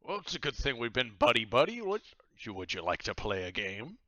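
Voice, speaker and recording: A man's voice: mid-range voice, very animated, brisk, bright, forceful tone, no echo, dull audio, pitched above the performer's own voice. A man voicing a boisterous, jovial male pirate captain in a tabletop role-playing game.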